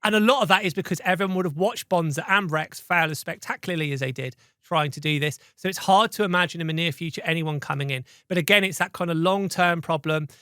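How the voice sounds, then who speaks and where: A man co-hosting an aviation podcast with a high, bright and sharp voice. He talks in a casual, opinionated way, and teases his co-host. The sound is dry and close. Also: fast talker, few pauses, clear, resonant tone, no echo. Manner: teasing, opinionated.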